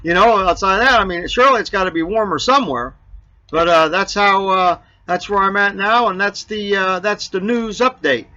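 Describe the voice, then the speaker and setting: Man, RV vlog host, slightly high, bright voice, rambling casual delivery with lots of fillers. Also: moderate pace, dull audio. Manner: rambling, with many fillers and restarts. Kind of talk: casual joke-telling monologue.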